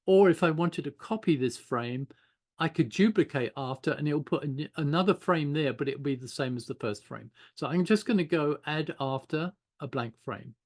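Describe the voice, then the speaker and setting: A man's voice: fairly high pitch, normal speed. An older man giving an informal online animation class, chatting loosely while he draws and thinks aloud. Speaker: animation teacher.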